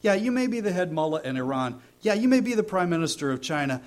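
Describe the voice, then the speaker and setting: A man preaching a sermon, emphatic, slowing and swelling on key phrases, with mocking asides. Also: fairly high pitch, animated. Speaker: pastor.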